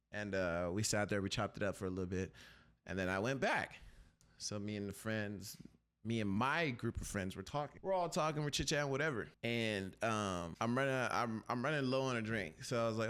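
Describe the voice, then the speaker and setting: A young man hosting a podcast, telling a casual story and acting out the voices in it with big jumps in pitch. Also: lively intonation, brisk, a bit bright, clean tone. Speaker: podcast host.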